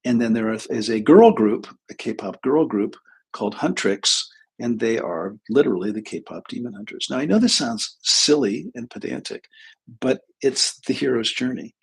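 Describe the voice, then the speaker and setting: A man's voice: medium pitch, sing-song, moderate pace, creaky, slightly rough. A male therapist talking casually on a livestream, chatty and self-deprecating as he tells funny anecdotes.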